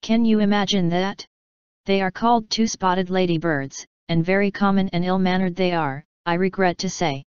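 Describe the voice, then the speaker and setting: A woman's voice: on the low side, normal speed, smooth, no room sound, close to an everyday voice. Prim, genteel ladybird, read by a woman. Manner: polite, prim and refined. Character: genteel, modest female ladybird, proud of her nine spots. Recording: slightly dull, dry recording.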